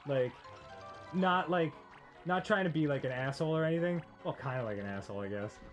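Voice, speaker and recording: A man's voice: on the high side, fairly quick, highs cut off, faint music behind. A man co-hosting a casual chat, telling a story in a rambling way full of fillers, restarts and laughter. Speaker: podcast co-host.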